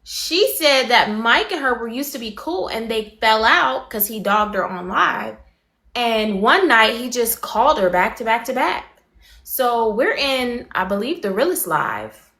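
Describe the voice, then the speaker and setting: Woman livestream host, slightly high voice, fast animated gossip recap, chats straight to viewers. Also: echoey room. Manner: rapid, animated storytelling, greeting viewers mid-sentence.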